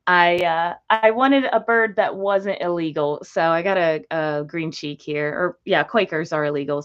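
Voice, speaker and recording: A gecko breeder hosts a laid-back livestream in a mid-range voice that's a bit bright, though the audio is dull. She chats with viewers, gets distracted easily, and baby-talks to her parrot.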